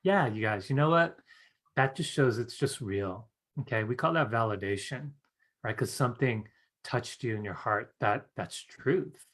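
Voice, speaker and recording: A man's voice: mid-range voice, moderate pace, fairly bright tone. A man teaching a live-streamed class on psychic skills, chatty and earnest, often asking "right?" and laughing. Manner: chatty, fills with "you guys" and "right?".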